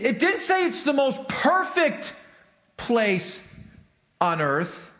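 A man with a high voice preaches to his congregation, talking in a loose, chatty way and asking for amens as he goes. His voice rings through a roomy church hall. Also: fairly bright tone. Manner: conversational, calls for amens from the congregation. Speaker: pastor. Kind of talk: sermon. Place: church sanctuary.

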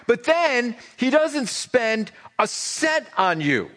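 A middle-aged male pastor preaching in a relaxed, joking way, with a slightly high voice that swings animatedly up and down. He often stumbles into sentences by repeating a word or two before finding his point. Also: normal speed, hardly any pauses. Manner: conversational, joking, repeats words when starting sentences. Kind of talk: sermon.

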